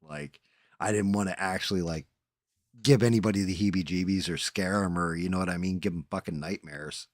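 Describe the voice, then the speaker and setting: A man's voice: deep voice, fairly even intonation, a little fast, dry recording, studio quality. A man hosting a casual live stream, rambling and swearing casually as he tells a story against himself.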